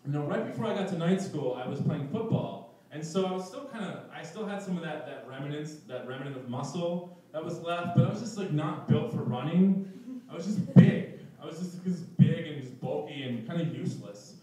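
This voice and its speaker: A man's voice: a little high, animated, normal speed, mellow. A young man telling a personal story at a live event, self-mocking and laughing through his lines. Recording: echoey room, distant mic.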